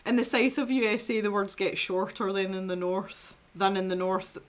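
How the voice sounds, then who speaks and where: A Scottish woman with a light, mild accent hosts a relaxed art livestream. She chats in a rambling, easygoing way, reads viewer comments aloud and laughs often. Her pitch sits in a middle range for a woman. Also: moderate pace. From Scotland. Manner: chatty and rambling, laughs often, frequent restarts. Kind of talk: casual chat, reading viewer comments aloud.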